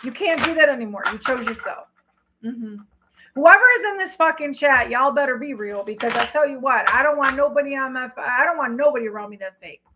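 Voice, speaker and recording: A woman's voice: sits high, fairly quick, background noise. A middle-aged woman, a tarot reader, talking to her livestream chat in a blunt, emphatic way that is full of profanity. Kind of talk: casual livestream talk.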